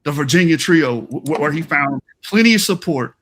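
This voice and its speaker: A man's voice: fairly high pitch, animated, normal speed, a bit bright, slight background noise. A man giving a combative, emphatic debate rebuttal on an online stream, taunting his opponent as he argues. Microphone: online stream call mic.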